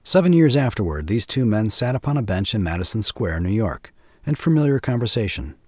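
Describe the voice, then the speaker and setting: A man narrating a classic short story in a measured, even way. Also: lowish voice, husky, no echo, clean studio sound.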